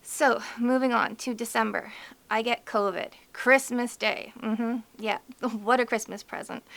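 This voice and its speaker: A woman's voice: on the high side, creaky, a bit bright. A woman vlogger giving a candid, emotional personal update, chatty and full of "like" and "you know". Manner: emotional, fighting back tears.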